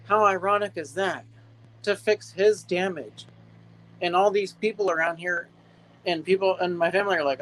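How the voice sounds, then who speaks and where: Guy from california ranting about neighbors on a phone outside, bit high voice, does squeaky impressions. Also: moderate pace, a bit bright, slight background noise. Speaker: livestream guest. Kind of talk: casual storytelling chat. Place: outdoors at his property.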